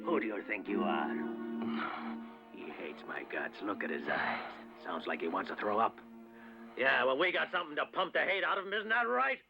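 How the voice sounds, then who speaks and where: A jeering mob bully. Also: male voice, mid-range voice, sing-song, moderate pace. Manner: mocking, taunting, shouting to a crowd. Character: cruel jeering male mob leader, middle-aged. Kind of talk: 1970s film drama dub. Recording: dull old film soundtrack with loud music.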